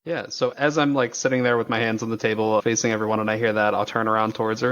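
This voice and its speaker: A man's voice: lowish voice, fairly even intonation, fast, few pauses, fairly bright tone. A man at a tabletop game, asking eager questions and talking through his moves casually. The sound is dull and lo-fi. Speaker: player. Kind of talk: casual chat. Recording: dull lo-fi mic.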